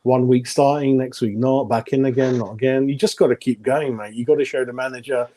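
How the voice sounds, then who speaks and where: A man's voice: medium pitch, fairly even intonation, brisk, warm tone. A man giving blunt, opinionated football ratings in a casual podcast chat, chuckling at his own jokes. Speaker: football pundit.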